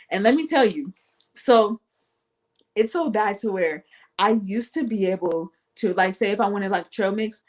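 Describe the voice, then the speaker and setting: A woman with speech talks in a casual, self-mocking monologue. She's playful and animated, her voice swinging up and down as she tells her stories. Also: mid-range voice. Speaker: guest on an online talk show.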